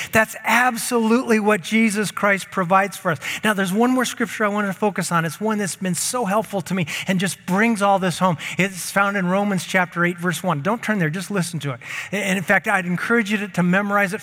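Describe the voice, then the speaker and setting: A man's voice: sits high, fairly bright tone, big-room sound. A man preaching a sermon as pastor, speaking emphatically, repeating key phrases and leading the congregation to speak lines back. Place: church sanctuary.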